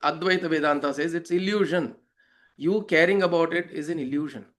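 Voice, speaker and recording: A man's voice: a little high, a little fast. A man explaining a scripture verse as a spiritual teacher, reflective, asking rhetorical questions and telling parables.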